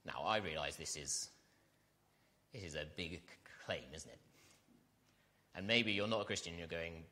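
A man's voice: deep voice, moderate pace, pauses often, bright, forceful tone. A man preaching a sermon, talking conversationally and asking his listeners questions. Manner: conversational, asks the congregation questions.

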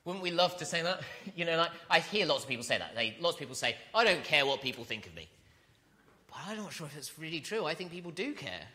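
A man's voice: on the high side, very animated, fast talker, sharp tone. A man preaching an earnest sermon, reading scripture and building to emphatic repetition.

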